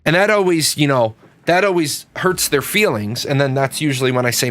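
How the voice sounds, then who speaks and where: A man's voice: medium pitch, a little fast, fairly bright tone. A middle-aged man giving a casual opinion monologue and telling stories, blunt and emphatic, swearing freely. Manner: tells stories, acting out the quoted people. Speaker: video host.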